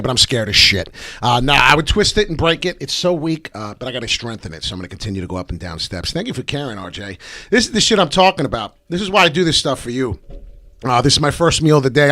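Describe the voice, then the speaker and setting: A man hosting a live crypto trading stream, brash and profane, talking fast with lots of filler ums. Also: mid-range voice, fairly bright tone, no room sound, studio quality. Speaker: crypto trading livestream host. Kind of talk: live market commentary.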